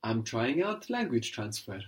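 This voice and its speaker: A man's voice: medium pitch, big pitch swings, unhurried. A man teaching a guided language lesson, patient and encouraging, explaining each step and prompting his student.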